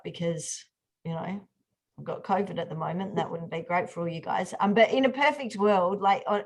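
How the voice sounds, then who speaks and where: Chatty woman hosting a workshop. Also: medium pitch. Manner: chatty, many fillers and restarts. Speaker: workshop host. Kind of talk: online group workshop. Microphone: video call.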